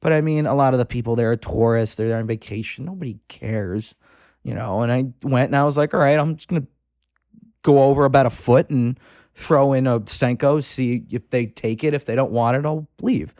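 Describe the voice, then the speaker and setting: A man's voice: mid-range voice, brisk, darkish tone, no echo. Podcast guest, man, mid-range voice, rambling swear-laden storyteller, dry room. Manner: rambling, profane anecdote-telling with frequent restarts. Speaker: podcast guest, fishing club member. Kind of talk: casual storytelling.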